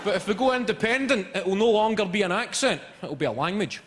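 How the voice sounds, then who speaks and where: A man with a Scottish accent performing a live stand-up routine, telling animated stories and laughing at his own jokes. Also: high-pitched, fast talker, very noisy. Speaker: stand-up comedian. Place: large theatre stage. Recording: echoey hall, loud audience laughter.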